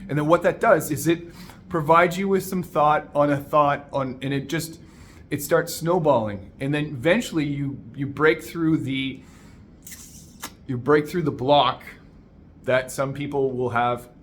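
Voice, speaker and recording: A man coaching listeners in an energetic, emphatic motivational monologue, calling them "my man". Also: medium pitch, slight background noise.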